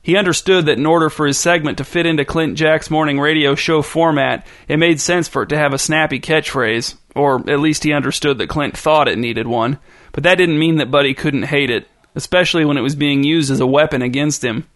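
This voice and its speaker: Man, storybook narrator, dry, wry, slightly high voice. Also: fairly even intonation, fairly quick, a bit bright.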